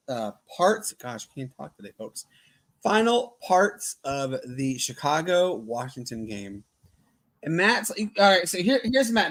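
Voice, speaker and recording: A man co-hosting a casual sports podcast, loose and excitable, full of fillers and restarts. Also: sits high. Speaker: podcast co-host.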